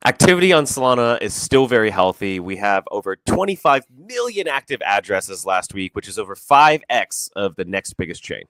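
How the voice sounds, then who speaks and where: A man co-hosting a casual livestream chat, talking in an animated way with frequent restarts and swearing. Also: on the low side, normal speed, hardly any pauses, no room sound. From South Korea. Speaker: co-host.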